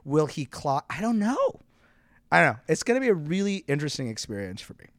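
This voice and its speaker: A man from Canada, a theatremaker guest, talking casually in an interview as an animated storyteller who says "like" a lot and laughs often. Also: fairly high pitch, fairly quick, no echo, studio quality.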